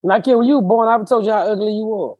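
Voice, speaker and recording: Woman host, blunt crude roaster, husky voice, chats with her mouth full. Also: mid-range voice, fast, dark tone, no echo, dull audio. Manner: talks while eating. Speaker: podcast host. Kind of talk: casual comedy podcast chat.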